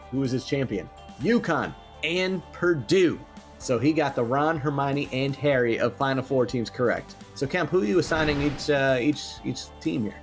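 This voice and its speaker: A man's voice: mid-range voice, expressive, moderate pace, soft background music. A man co-hosting a podcast, bantering casually in a playful, jokey way and laughing often. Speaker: podcast co-host.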